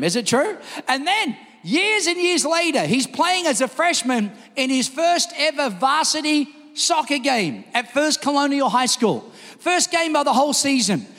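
Man, pastor, sermon, very high voice, long church reverb. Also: moderate pace. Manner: energetic storytelling, shouted quotes.

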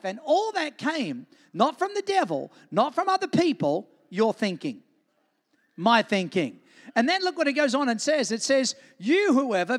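Male pastor, very high voice, sermon, asks for amens, long hall reverb. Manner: preaching with call-and-response asks for amen. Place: church.

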